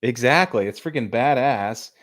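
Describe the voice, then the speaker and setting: A man co-hosting a casual movie review, excitable, swearing casually and restarting his sentences often. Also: medium pitch, normal speed. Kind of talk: casual chat.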